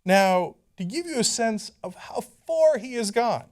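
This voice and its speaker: Man, political commentary host, sarcastic, incredulous, high lively voice. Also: normal speed, hardly any pauses.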